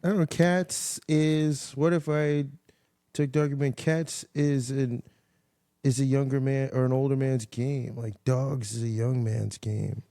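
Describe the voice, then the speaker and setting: A man's voice: medium pitch, level tone, unhurried, gravelly, dark tone, no room sound, studio quality. A man, a comedian guest on a podcast, chatting casually and telling stories in a loose, profane, rambling way.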